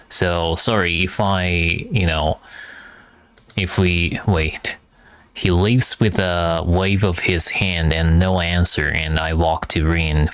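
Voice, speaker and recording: A man reading aloud for practice, halting and hesitant, repeating words as he sounds them out. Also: low-pitched, a bit bright. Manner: frequent filler hesitations. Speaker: language learner reading aloud. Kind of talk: reading practice with pronunciation drills.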